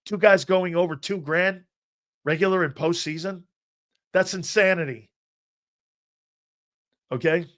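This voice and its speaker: Sports talk host, man, fairly high, bright and forceful voice, emphatic and argumentative, loops back on his phrases. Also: unhurried, long pauses. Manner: emphatic, argumentative, repeats himself while building a point. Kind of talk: opinionated sports talk on a live stream.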